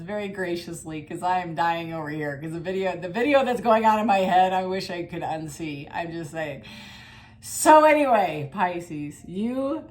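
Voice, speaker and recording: A woman's voice: on the low side, normal speed. A middle-aged woman giving a casual tarot reading, chatty and blunt, with mild swearing. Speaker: tarot reader.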